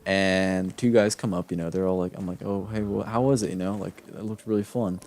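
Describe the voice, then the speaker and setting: A man's voice: fairly low pitch, fairly even intonation, fast, mellow, soft background music. A young man streaming a game, telling a long personal story in a casual, rambling way with many fillers and restarts. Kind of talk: casual storytelling while gaming.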